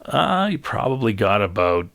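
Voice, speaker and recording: A man's voice: fairly low pitch, sing-song, moderate pace, vocal fry, fairly bright tone. A man running a tabletop game as game master, laid-back and chuckling between his descriptions.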